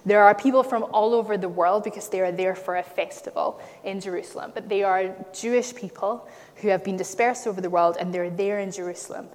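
A woman's voice: medium pitch, a little mellow. A woman from Scotland giving a sermon and telling stories, stressing her key points. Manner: storytelling, emphatic at key points. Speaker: preacher. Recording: long reverb, hall.

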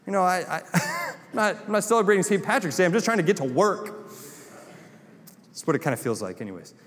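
A Southern man preaching with rising passion, his voice sitting a touch high for a man. Long reverb trails off every phrase, as in a big hall. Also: animated, fairly quick, a bit bright. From North Carolina. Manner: impassioned, builds to emphatic repeated lines. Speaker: pastor. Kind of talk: sermon.

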